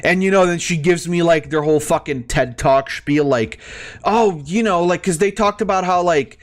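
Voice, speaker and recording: On the high side and at normal speed, a male gaming streamer rants casually while playing, stumbling over his words. He's heated and exasperated, swearing often and restarting in stammers.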